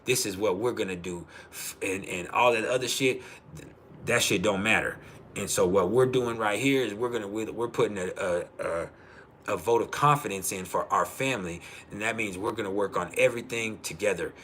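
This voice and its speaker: A man's voice: lowish voice, fairly quick, fairly bright tone, slight background noise. A man talking casually on a livestream, swearing freely and laughing often as he tells stories. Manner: profane, laughing storyteller. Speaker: livestream host.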